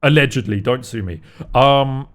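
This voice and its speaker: A young man hosting a reaction video, excitable and sweary, laughing often as he comments. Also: mid-range voice, normal speed.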